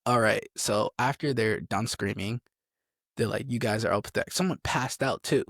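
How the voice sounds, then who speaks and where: A man's voice: on the low side, moderate pace, fairly bright tone, no echo, clean studio sound. A young man, a soldier, telling army stories in a rambling, casual way as an interview guest. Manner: rambling, gets sidetracked, acts out drill sergeants.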